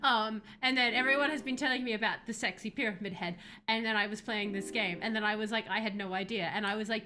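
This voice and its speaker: A woman giving animated, laughing commentary while streaming a horror game. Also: medium pitch, fast, few pauses. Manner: animated, laughs often, yelps and shrieks at scares. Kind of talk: casual gameplay commentary.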